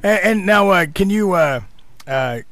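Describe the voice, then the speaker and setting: A man's voice: high-pitched, lively intonation, unhurried, a bit bright, no room sound. A man interviewing a guest, amused and laughing along. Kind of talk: casual interview.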